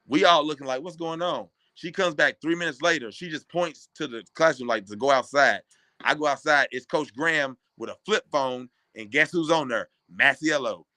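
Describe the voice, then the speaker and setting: Kentucky guy in his 30s spinning animated stories, bright forceful voice, dry studio sound. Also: a little high, no echo. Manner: animated, acts out other people's lines. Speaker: former college basketball player, guest. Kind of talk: casual storytelling. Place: podcast studio.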